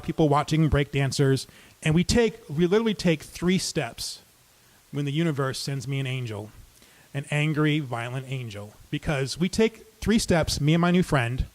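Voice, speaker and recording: A man tells a true story on stage with a wry, comic, conversational delivery. His voice sits high for a man.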